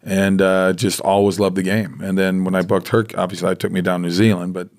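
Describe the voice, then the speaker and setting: An American man in his sixties, a guest in casual chat, telling animated stories and acting out the voices of people he quotes. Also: low-pitched, a little fast. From United States.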